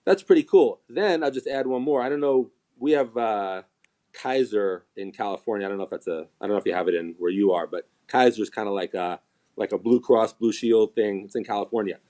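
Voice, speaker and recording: A man's voice: fairly low pitch, a little fast. A man who is a chiropractor, chatting on a live stream and acting out patients' words as he tells stories. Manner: animated storyteller, acts out quoted patients. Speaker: chiropractor and seminar teacher. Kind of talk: casual live-stream chat.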